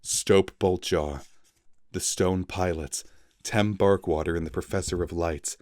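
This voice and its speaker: Deep male reader for dramatic storybook narration, pauses for effect, dry sound. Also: steady tone, darkish tone, no room sound.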